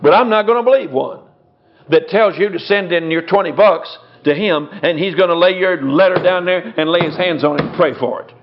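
A man's voice: high-pitched, a little fast. A man teaching a sermon verse by verse, blunt and scornful in his emphatic preaching. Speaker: Bible teacher. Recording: dull lo-fi recording.

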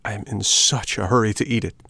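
A man voicing a hungry, desperate wooden puppet boy, speaking softly and anxiously. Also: fairly low pitch, fairly even intonation, fast, vocal fry, dry recording, full character voice. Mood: eager.

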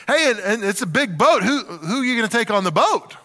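A man playing a curious, prying neighbor who keeps asking questions in quick bursts. His tone is bright and raised. It has a long hall echo. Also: high-pitched, sing-song, voice pushed up, full character voice. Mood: nosy. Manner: prying, rapid-fire questions.

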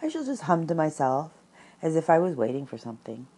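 A woman voicing Winnie the Pooh, a slow and thoughtful male bear, in a storybook reading. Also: low-pitched, breathy edge, full character voice. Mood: musing. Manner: calm, musing, encouraging. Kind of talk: storybook read-aloud.

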